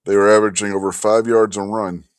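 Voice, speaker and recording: Low, tired, grumbling male host. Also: little pitch movement, fast talker, no room sound, studio quality. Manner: blunt, grumbling, swears. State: tired, yawning. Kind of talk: casual livestream chat.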